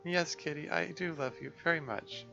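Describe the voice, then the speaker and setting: A frightened little girl pleads in a high, earnest voice, as a man puts her on. The voice is bright and a little gravelly. The recording is slightly dull, with faint game music behind it. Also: moderate pace. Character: frightened young girl, timid and sweet.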